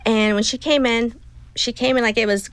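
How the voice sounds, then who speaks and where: A woman's voice: on the high side, fairly even intonation, moderate pace, clean tone, no room sound, poor audio. A woman in her fifties tells a personal story to an interviewer, speaking emotionally and acting out what others said in quotes. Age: 50s. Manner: emotional, retelling dialogue in quotes. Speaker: guest.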